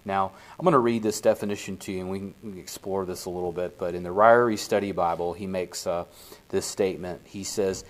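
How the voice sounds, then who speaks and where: In a relaxed, lowish voice, a man guides a small group through a casual Bible study. His talk is easygoing and unrushed, and he frequently pauses to make sure the group is with him.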